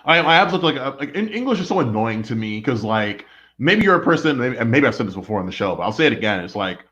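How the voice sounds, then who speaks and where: In a dull lo-fi recording, a young man from the United States co-hosts a podcast, rambling casually with plenty of "like" as a filler. His mid-range voice is fairly bright, very animated and fast.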